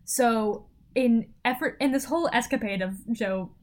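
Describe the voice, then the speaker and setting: A woman co-hosting a casual chat that recaps a TV show, animated and laughing, acting out quotes in exaggerated voices. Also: on the high side, moderate pace. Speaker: podcast co-host.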